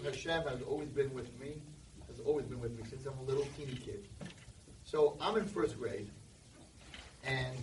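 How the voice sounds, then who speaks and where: A man's voice: a little high, a little hiss or hum. A man giving a humorous speech, telling a childhood story and acting out the characters. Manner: animated, acts out the characters. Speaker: speaker. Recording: roomy echo from far off.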